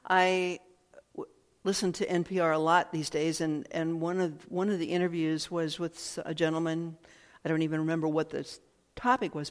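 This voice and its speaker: A woman giving a thoughtful, reflective talk at an unhurried pace, often repeating phrases and pausing to find words. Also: fairly low pitch. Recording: long hall reverb.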